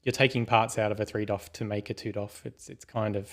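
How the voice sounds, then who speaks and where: A man hosting a casual interview, speaking in a relaxed, hedging way and reading out viewers' questions. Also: lowish voice, a little fast. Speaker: interview host. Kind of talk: casual video-call interview.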